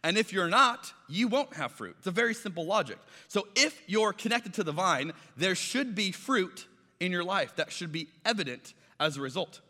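A man's voice: high-pitched, lively intonation, normal speed, pushed and bright, long reverb tail. A man preaching a sermon, telling stories in a conversational way and acting out the voices of the people in them. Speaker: pastor.

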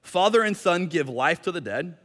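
A man's voice: a little high, lively intonation, normal speed, a bit bright, long reverb tail. A male pastor preaching a sermon in a conversational, explanatory way with light jokes, speaking in a church sanctuary.

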